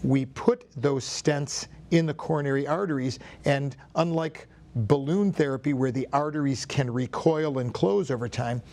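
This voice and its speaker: Dokter jantung pria dengan suara serak. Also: male voice, medium pitch, a little mellow. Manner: measured explaining, some restarts. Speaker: cardiologist guest. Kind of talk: explanatory studio interview. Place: TV studio.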